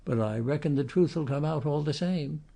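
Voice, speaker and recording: A man's voice: fairly high pitch, moderate pace, gravelly, mellow, pitched above the performer's own voice. A man doing a sneering, insolent tradesman. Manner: sneering, blunt.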